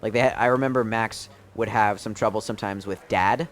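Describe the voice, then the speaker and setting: Excitable young American man gaming. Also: on the low side, a little fast. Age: young adult. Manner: bursts into excited shouting at the game. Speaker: celebrity guest. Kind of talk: casual chat while playing a video game.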